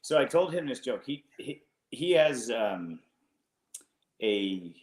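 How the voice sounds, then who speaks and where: Male co-host, teasing, animated pitch, roomy studio sound. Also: takes it slowly. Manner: teasing, laughs often. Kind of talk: casual banter.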